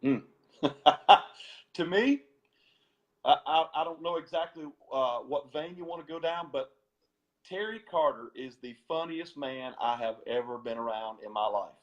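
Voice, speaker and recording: A man's voice: fairly high pitch, a little slow, highs cut off. A man, a former gospel singer, tells stories as a guest in an interview, laughing often and repeating words as he goes. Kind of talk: storytelling interview.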